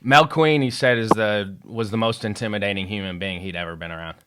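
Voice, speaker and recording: A man's voice: lowish voice, fairly quick, noisy background. A man hosting a podcast, a former head coach, asking questions in a conversational way. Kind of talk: interview questions.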